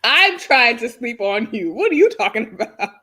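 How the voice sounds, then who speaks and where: An American woman hosting a casual live review chat, with a bright, sharp tone and pitch that swings widely. She is excitable and laughs often, and her voice sits a little high. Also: normal speed, husky. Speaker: host of a reality TV review show.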